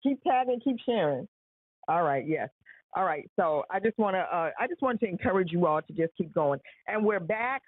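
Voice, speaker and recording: A woman's voice: lowish voice, lively intonation, normal speed, husky, no echo. A woman hosting a live stream, giving an earnest motivational talk and repeating rhetorical questions. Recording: tinny phone-like sound.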